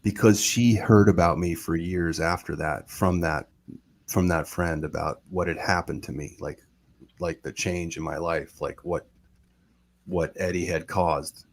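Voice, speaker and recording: A man's voice: low voice, unhurried. A man telling a long personal story on a live talk show, rambling and acting out what people said. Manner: rambling, animated retelling with quoted voices. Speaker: guest storyteller.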